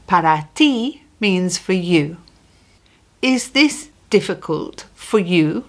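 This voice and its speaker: A woman teaching a beginner language lesson, saying phrases slowly and patiently and repeating them clearly. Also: on the low side, expressive, faint music behind. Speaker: Spanish teacher.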